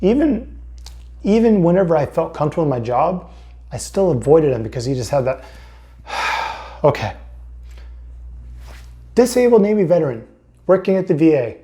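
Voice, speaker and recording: Young guy venting about his old job, rambly, curses a lot, warm low-key voice. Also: animated, brisk. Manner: frustrated, rambling, swears often. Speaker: vlogger, Navy veteran. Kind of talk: casual storytelling vlog.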